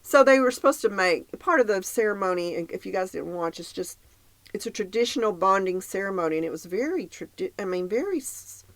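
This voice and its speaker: A woman's voice: medium pitch, animated, brisk, no echo. A woman co-hosting a podcast, recapping a dating show in casual chat, reading out her notes and laughing often. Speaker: podcast co-host.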